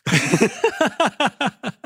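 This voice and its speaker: A man co-hosting a casual podcast, laid-back and quick to laugh, a little burpy from a foamy beer. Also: extremely high pitch, very animated, gravelly, a bit bright, slightly rough. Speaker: podcast co-host. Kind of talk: casual chat.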